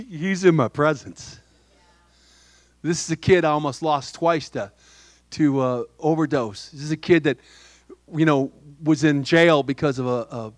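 A middle-aged man preaching a sermon, soft-spoken, telling a personal story with humor and quoted dialogue. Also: a little high, no echo, studio quality. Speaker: pastor.

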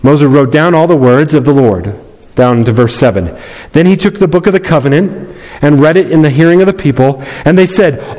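Preaching briskly in a voice on the high side with a darkish tone, this pastor fills a large hall whose long reverb carries his words. He presses his points with emphasis, repeating key phrases and performing the voices from the story.

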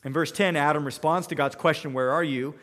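A man's voice: fairly high pitch, steady tone, a little fast, fairly bright tone, long reverb tail. A man preaching a sermon, walking through scripture verse by verse and voicing the characters in his own paraphrases. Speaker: pastor.

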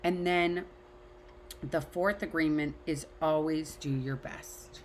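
A woman's voice: sits low, fairly even intonation, takes it slowly, a little mellow, slight background noise. A middle-aged woman talking casually and candidly to an online class, speaking her mind and swearing freely. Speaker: class teacher. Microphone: video call.

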